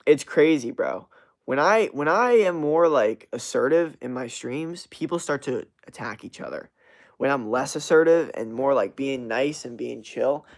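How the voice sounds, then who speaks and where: Reading viewer comments on his livestream, a young male host rambles on in a loose, animated way, full of fillers and profanity. He speaks in a mid-range voice.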